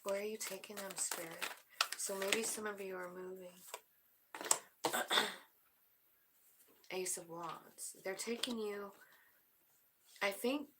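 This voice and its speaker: A woman giving a spiritual tarot reading, soft-spoken and emotional, often dropping to a whisper. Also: medium pitch, fairly even intonation, slow, pauses often, very noisy. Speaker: tarot reader.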